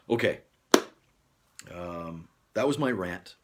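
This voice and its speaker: A man's voice: fairly low pitch, expressive, normal speed, very noisy. A man hosting a casual livestream, rambling and joking, chuckling often as he talks to viewers. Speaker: livestream host. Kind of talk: casual live-stream chat.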